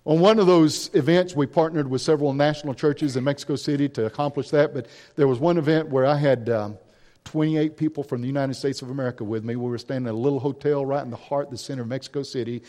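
Male missionary preacher, mellow voice, big echoey church hall, punchy emphasis. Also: medium pitch. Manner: storytelling with statistics, rising emphasis. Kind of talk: sermon.

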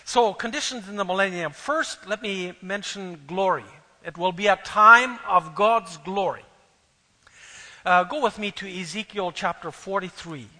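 Preacher, male, high-pitched and bright, earnest sermon delivery, long hall reverb. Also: unhurried. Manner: earnest, swelling louder on key phrases. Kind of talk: sermon with scripture reading.

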